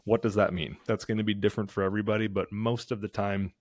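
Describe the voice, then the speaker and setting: Low-voiced man giving casual advice. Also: fairly even intonation, quick pace. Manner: conversational advice, repeats and restarts. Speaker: podcast host. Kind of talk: casual how-to chat.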